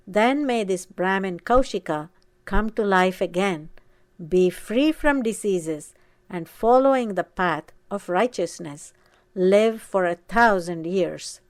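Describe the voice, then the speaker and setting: A woman reading aloud voices the devoted, saintly wife of an ancient sage, speaking slowly and emphatically. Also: mid-range voice, no echo. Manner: solemn, slow and emphatic.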